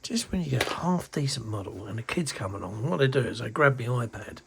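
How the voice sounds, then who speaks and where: A man's voice: mid-range voice, expressive, brisk, creaky, fairly bright tone, slightly rough. A middle-aged man from the UK chatting casually about his model kit, grumbling and exasperated, swearing under his breath. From United Kingdom. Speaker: scale model hobbyist. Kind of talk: casual hobby video chat. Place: indoors at a hobby workbench.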